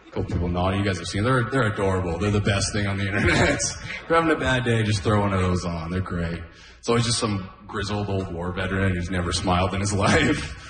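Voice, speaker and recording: A man in his thirties doing a stand-up set at an open mic, deadpan and self-deprecating with trailing asides. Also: low voice, quick pace. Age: 30s. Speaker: stand-up comedian. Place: open mic stage in a room. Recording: echoey room with long reverb.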